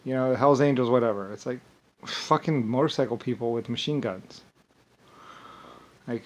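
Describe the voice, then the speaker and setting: A man's voice: mid-range voice, fast talker. A man talking in a rambling, profane monologue, full of restarts and angry outbursts. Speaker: video monologue speaker.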